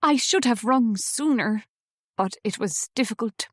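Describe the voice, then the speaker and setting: A woman voicing a middle-aged aunt with an Irish accent, halting and apologetic. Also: a little high, no echo, clean studio sound.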